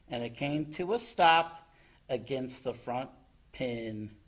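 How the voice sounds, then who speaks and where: Slow, animated storytime reader, a man. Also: mid-range voice. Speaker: children's librarian. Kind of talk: reading a picture book aloud. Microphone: home recording.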